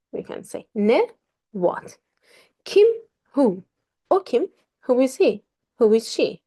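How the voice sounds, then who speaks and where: Female teacher, mellow tone, lively intonation, patient explainer. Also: mid-range voice. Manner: explains patiently, repeats examples, switches between two languages. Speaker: language teacher. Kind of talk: grammar lesson with example sentences.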